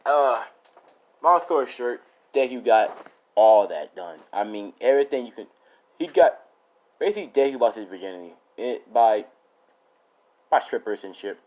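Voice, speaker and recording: A man telling a story in a loose, rambling way, packed with fillers and profanity. His pitch moves around a lot as he talks. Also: sing-song, normal speed, long pauses, a little mellow, poor audio. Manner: rambling, full of fillers and swearing.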